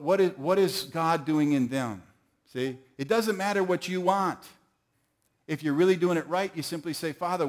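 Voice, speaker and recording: A middle-aged man preaching a sermon, telling folksy stories and calling on the audience to answer. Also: fairly high pitch. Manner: folksy storytelling, calls on the audience.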